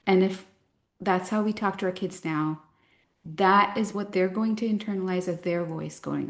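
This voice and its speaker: A woman in her thirties, a parent coach, talking to a parent group in a reflective, gently explanatory way and telling personal stories. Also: lowish voice, normal speed, vocal fry.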